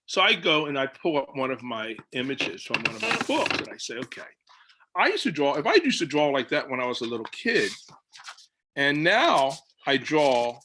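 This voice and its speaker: A man's voice: medium pitch, normal speed, noisy background. A man, a children's book illustrator, telling stories on a video call and acting out his own lines. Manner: animated storytelling, acts out his own quoted lines. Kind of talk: casual talk on a video call panel.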